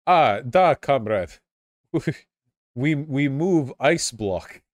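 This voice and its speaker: A stock Russian joker with a broad put-on accent delivers his lines dry and deadpan, as a man puts him on. The voice sits close and dead, with no room around it. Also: mid-range voice, extremely slow, no room sound. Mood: deadpan joking. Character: stereotypical Russian man cracking a deadpan joke.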